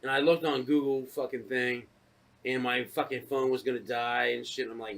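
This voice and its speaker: A man co-hosting a podcast, telling a casual story full of profanity and acting out his own shouted lines. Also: medium pitch, normal speed, vocal fry. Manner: profane, animated, acts out shouted quotes. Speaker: podcast co-host.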